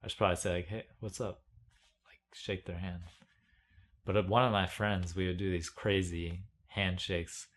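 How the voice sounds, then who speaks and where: Young man, very low voice, rambling casual monologue, meandering, wry. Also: fairly even intonation, moderate pace, a bit bright. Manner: meandering, many "like"s, wry and self-mocking. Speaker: video blogger.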